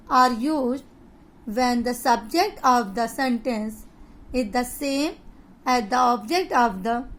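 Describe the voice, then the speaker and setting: In a high voice, a woman with an Indian English accent walks through a grammar lesson online, speaking slowly and deliberately and pausing as she goes.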